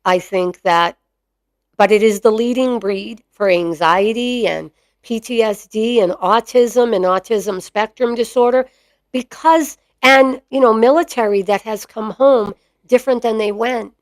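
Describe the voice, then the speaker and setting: A middle-aged woman who breeds mastiffs hosts her own podcast, delivering a chatty, opinionated monologue packed with fillers. Her voice is fairly high and unhurried, recorded with no echo.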